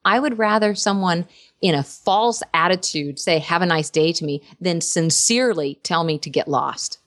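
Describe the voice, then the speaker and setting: A woman actress in casual interview chat, an animated storyteller who laughs often. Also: fairly low pitch, moderate pace, no echo. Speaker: actress and voice performer.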